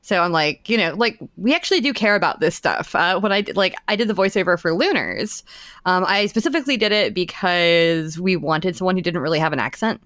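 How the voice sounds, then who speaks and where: Woman guest, low-pitched, chatty with quick asides, dry close sound. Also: animated, a bit bright, dry recording. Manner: chatty, quick asides, laughs between phrases. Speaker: podcast guest, social media and layout staff. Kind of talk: casual podcast chat.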